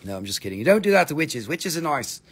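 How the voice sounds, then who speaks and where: Gravelly joking man hosting a sale. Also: fairly high pitch, very animated, quick pace, fairly bright tone, slight background noise. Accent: American. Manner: joking, profane, rambling while showing stones. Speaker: crystal shop live-sale host. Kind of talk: casual live-stream sales chat.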